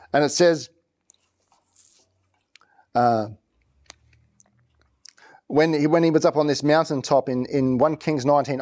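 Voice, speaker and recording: A man's voice: medium pitch, mellow. Man preaching a conversational sermon. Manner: conversational preaching, often repeating and restarting phrases. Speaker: pastor.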